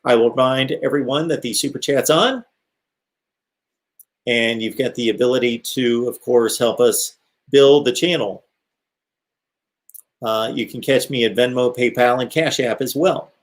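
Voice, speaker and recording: A man's voice: mid-range voice, measured pace, pauses often. Chatty middle-aged man hosting a live call-in. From American Midwest. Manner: chatty, rambling, reads chat comments aloud. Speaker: call-in show host. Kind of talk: casual live-stream talk.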